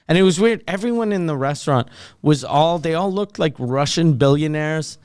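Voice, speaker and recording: A man's voice: on the high side, expressive, normal speed, a little mellow, clear, resonant tone, no echo. A man with a Québécois French accent whose first language is French, co-hosting a comedy podcast and telling crude stories with acted-out quotes. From Quebec, Canada. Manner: crude storyteller acting out quotes. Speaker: podcast co-host. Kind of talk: casual comedy chat.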